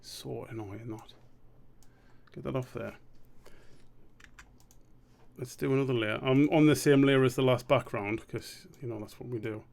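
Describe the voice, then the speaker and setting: A man's voice: medium pitch, steady tone, measured pace, gravelly, pauses often, a little mellow. A man streaming a drawing session, rambling and muttering to himself, swearing freely as he works. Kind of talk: casual live-stream commentary while drawing.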